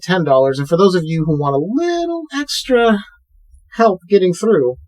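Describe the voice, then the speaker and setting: A man's voice: on the high side, a little mellow. A man hosting a podcast, chatting casually and rattling off plugs and promos. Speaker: podcast host.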